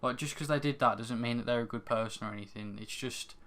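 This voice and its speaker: A man's voice: mid-range voice, quick pace, a bit bright. A young man co-hosting a podcast, telling stories in casual chat with hesitant restarts. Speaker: podcast co-host.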